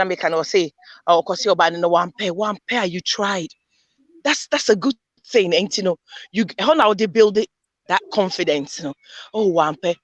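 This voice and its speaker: A woman, a panelist in a casual group discussion, telling animated stories and mixing in Twi phrases. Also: medium pitch, no room sound, muffled recording.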